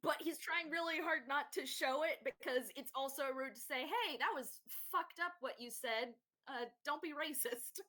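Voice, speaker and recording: A woman player explains her character's feelings in a casual tabletop game. Her voice sits high. She talks in a chatty way. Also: moderate pace, few pauses, sharp tone.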